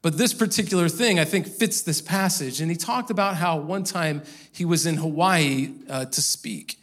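A man's voice: on the high side, moderate pace, a bit bright. A male pastor preaching a sermon in a church, telling a story in a loose, conversational way. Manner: conversational storytelling with casual fillers.

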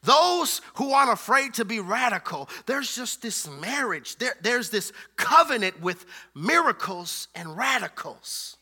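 A male preacher drives his points home with emphatic, repeated phrases. His voice sits very high for a man. It rings bright and sharp throughout. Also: big pitch swings, a little slow, breathy edge. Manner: emphatic, repetitive preaching with a call-and-response feel. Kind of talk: sermon.

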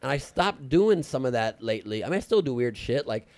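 A man in his late thirties, a comedian, telling stories in an animated, casual podcast chat. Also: mid-range voice, no echo. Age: late 30s. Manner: fast, animated storytelling with fillers.

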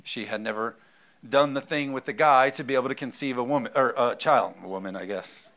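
A man's voice: mid-range voice, fairly quick, fairly bright tone. A man preaching a sermon in a conversational way, acting out little asides and reading scripture aloud. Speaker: pastor.

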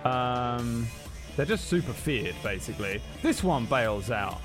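Male game master, mid-pitch, casual narrating with music behind. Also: lively intonation, a little slow. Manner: casual, laughs often, filler words. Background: background music.

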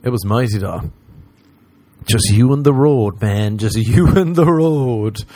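A man's voice: mid-range voice, animated, slow, dark tone, dry recording. A young Irish man, a comedian hosting a podcast, rambling animatedly from one tangent to the next and swearing freely. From Ireland. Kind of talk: casual rambling monologue.

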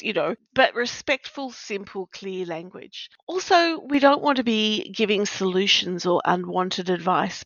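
A woman hosting a podcast, explaining in a measured, explanatory way and stressing key words. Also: medium pitch, a bit bright, no echo. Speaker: podcast host, practice faculty manager. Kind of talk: scripted-sounding podcast chat. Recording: dry, slightly dull lo-fi recording.

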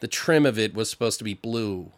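A man's voice: fairly low pitch, expressive, fairly quick, no echo. A man in casual conversation, brainstorming animatedly and acting out scenes as he rambles.

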